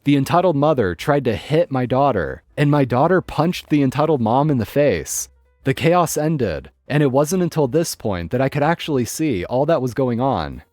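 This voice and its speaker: A man narrating online stories in a scripted, expressive way. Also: medium pitch, normal speed, dry recording, faint music behind. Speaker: story narrator.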